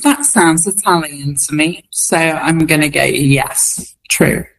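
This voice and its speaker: A woman's voice: low voice, takes it slowly, poor audio. A woman comedian who is a guest on a radio show, answering thoughtfully and with good humour. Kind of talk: radio interview.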